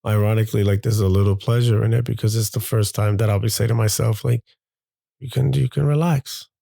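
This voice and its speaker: A low-pitched man with a gravelly, mellow voice speaks openly as a father reflecting on his own life. He talks in a halting, confessional way, circling back and repeating himself as he searches for words. The sound is close and dry. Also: steady tone, no echo. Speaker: father and show host. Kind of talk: candid reflective monologue.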